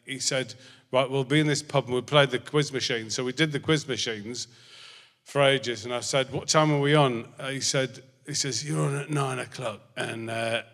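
A guest on a theatre stage, his voice medium-pitched, steady and fairly bright at a normal speed, rambles through a meandering story in front of a live audience until he loses the thread. He holds a handheld mic in the echoing hall.

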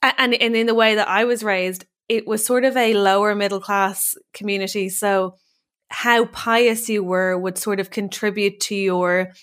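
A young Irish woman chatting as a comedy podcast guest, an animated storyteller with lots of fillers and restarts. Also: medium pitch, normal speed. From Ireland. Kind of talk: casual podcast chat.

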